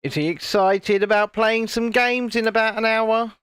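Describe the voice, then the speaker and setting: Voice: mid-range voice, normal speed, a bit bright, clear, resonant tone, no room sound, studio quality. A British host chatting casually on a livestream from home, reading chat messages aloud and laughing often, recorded on a phone. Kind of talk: casual live chat while building. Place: home, indoors, in the evening. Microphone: phone camera.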